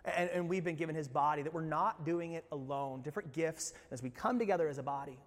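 A man with a high voice preaches a sermon, animated and full of rhetorical questions. He acts out what people say. His voice rings with a long hall reverb. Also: fast talker. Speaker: pastor.

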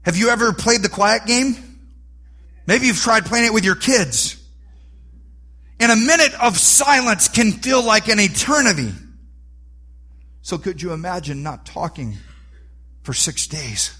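Animated, bright-voiced male preacher. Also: high voice, a little slow, long pauses, husky. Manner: animated, rising to near-shouts for emphasis. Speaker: pastor. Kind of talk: sermon.

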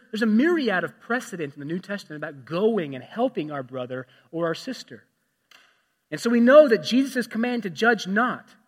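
A man delivers a sermon in a church sanctuary. His pitch sits high for a man, and his voice rings out with long hall reverb. He swings between loud, emphatic passages and quiet, hushed asides. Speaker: pastor.

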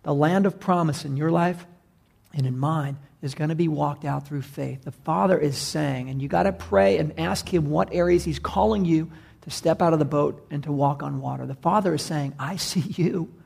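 Pastor, man, gravelly and a bit high, earnest sermon delivery with repetition. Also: normal speed, darkish tone. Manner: earnest, building emphasis with repeated phrases.

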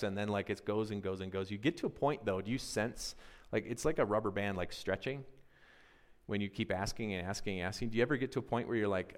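A man preaching a conversational sermon, animated and always asking his listeners questions. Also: lowish voice, fast. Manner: animated, asks the audience questions, often adds "right?". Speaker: pastor. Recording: long reverb of a large hall.

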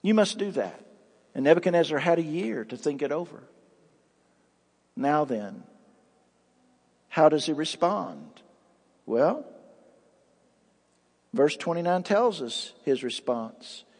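Emphatic preacher in an echoing hall. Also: male voice, fairly high pitch, lively intonation, slow, pauses often, darkish tone. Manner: emphatic preaching with dramatic rises and drops. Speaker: pastor. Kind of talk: sermon. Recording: long hall reverb.

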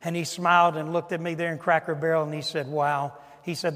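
A man's voice: fairly high pitch, level tone, fast, few pauses, a bit bright, long reverb tail. A male pastor preaching a sermon, stressing his points and asking the congregation rhetorical questions.

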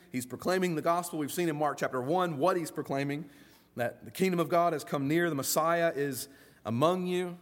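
High-voiced man preaching a lively sermon. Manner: lively and folksy, acts out quoted voices. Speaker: pastor.

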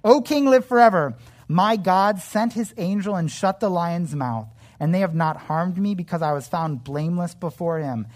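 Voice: mid-range voice, moderate pace, lightly acted. A Bible teacher reading aloud the words of an ancient prophet speaking respectfully to a king, in a raised, emphatic reading voice. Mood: reverent.

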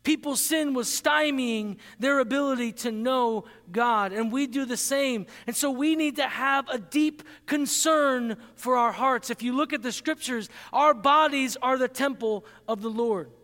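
A man preaching a sermon as pastor, earnest and emphatic, slowing down to stress key phrases. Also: very high voice, pushed and bright, long reverb tail.

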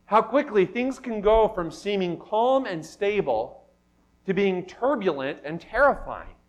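A male pastor delivers a sermon in a church hall. His voice sits high and swings widely, from hushed, thoughtful lines to loud, pressing questions. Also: unhurried, lo-fi sound. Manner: animated preaching, rising to loud emphatic questions.

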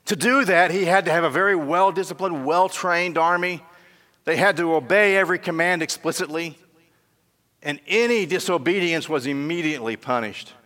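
A man's voice: a little high, normal speed, sharp tone, long reverb tail. A male pastor preaching a sermon, telling a story with emphatic peaks and closing in prayer.

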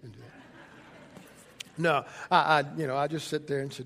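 A man's voice: on the high side, fairly even intonation, moderate pace, fairly bright tone. A man, a pastor preaching a conversational sermon and telling stories with frequent restarts.

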